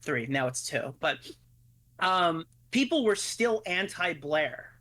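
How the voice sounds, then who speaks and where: A man with a bright, fairly high voice chats with his co-host on a stream. He explains quickly and casually. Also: very animated. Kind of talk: casual livestream chat.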